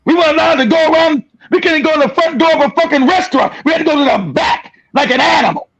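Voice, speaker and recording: A man's voice: extremely high pitch, fast talker, gravelly, fairly bright tone, dull audio. A man hosting a livestream, delivering an angry, profane, aggressive rant. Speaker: livestream host. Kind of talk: angry ranting monologue.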